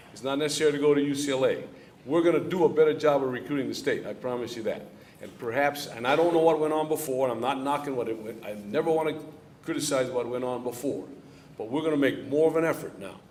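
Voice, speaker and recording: A man's voice: medium pitch, fast, a little mellow, slight background noise. A middle-aged man, a head football coach, answering audience questions at a club luncheon in a plainspoken way and repeating key lines for emphasis. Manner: plainspoken, coaching-talk rhythm. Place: event hall before a live audience.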